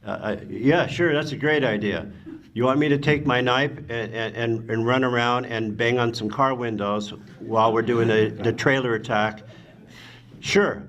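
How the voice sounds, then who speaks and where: An older man telling stories on a convention panel, animated and acting out quotes, with casual swearing. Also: medium pitch, moderate pace, lo-fi sound. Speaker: actor guest on a convention panel. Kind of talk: anecdotal storytelling.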